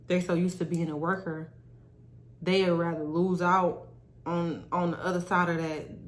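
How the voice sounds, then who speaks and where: On her own casual podcast, a young adult woman speaks directly and motivationally to her viewers, keeping it candid. She has a deep voice, and there's slight background noise.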